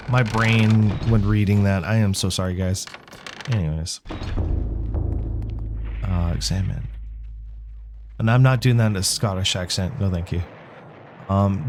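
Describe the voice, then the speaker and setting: A man's voice: lowish voice, takes it slowly, long pauses, over music. A man hosting a horror game let's play, casually reacting and reading in-game text aloud, apologizing for his own slips. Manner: casual, self-deprecating, reacts and apologizes for misreads. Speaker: gaming channel host.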